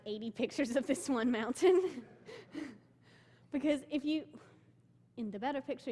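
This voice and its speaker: Young woman, slightly high voice, eager church talk with plenty of fillers, long hall echo. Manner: excitable storytelling, many "like" fillers. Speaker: church member giving a mission trip report. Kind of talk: informal talk with slides. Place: church sanctuary.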